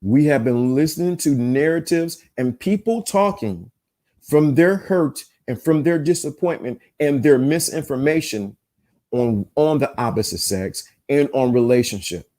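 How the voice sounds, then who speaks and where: Talking to his chat on a live-streamed self-help show about relationships, this podcast host is emphatic, preachy, and repetitive. His medium-pitched voice is expressive and dark in tone, and he speaks a bit slowly.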